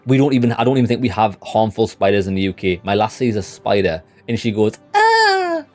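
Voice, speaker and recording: A man's voice: fairly low pitch, fairly even intonation, fast talker, a little mellow, faint music behind. A young British man chatting casually and bluntly with his live chat while streaming a game, rambling and swearing freely. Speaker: gaming livestreamer.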